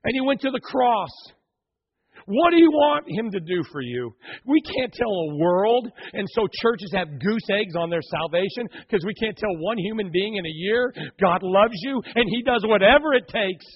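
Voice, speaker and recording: Impassioned male preacher, husky high voice. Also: lively intonation, normal speed. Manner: dramatic storytelling, swings from hushed to shouting. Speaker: pastor. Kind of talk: sermon. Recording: dull lo-fi recording.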